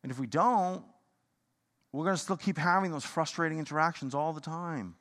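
A man preaching a sermon in a fired-up, rambling way, swinging from loud bursts to hushed talk. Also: a little high, normal speed. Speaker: pastor. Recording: long hall reverb.

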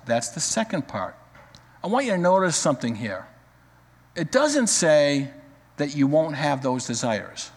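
A man's voice: a little high, big pitch swings, a little slow, long reverb tail. A man preaching a sermon as pastor, direct and urging his listeners.

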